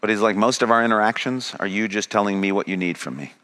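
A man's voice: on the low side, fast talker, bright, forceful tone. A man preaching a sermon, paraphrasing Jesus and building to a pressing, rising delivery. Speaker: pastor.

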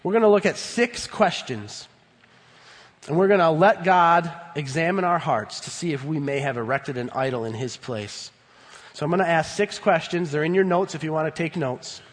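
A man in his thirties preaching a sermon in a church, emphatic, swinging between loud bursts and low, earnest tones. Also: moderate pace. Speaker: pastor. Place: church sanctuary. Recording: long hall reverb.

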